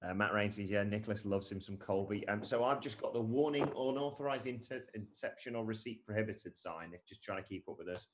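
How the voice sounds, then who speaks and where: A man's voice: lowish voice, a little fast, few pauses, slight background noise. A young man co-hosting a live stream, casually reading viewer comments aloud with jokey asides.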